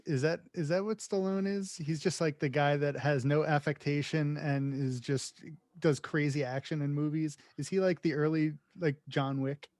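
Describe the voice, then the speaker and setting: A man on a podcast, firing off incredulous questions about a film and stumbling over repeated words. His voice sits a bit high, and the recording is close and dry with no room sound. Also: steady tone, moderate pace, darkish tone, dry recording. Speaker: podcast co-host. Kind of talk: casual movie discussion.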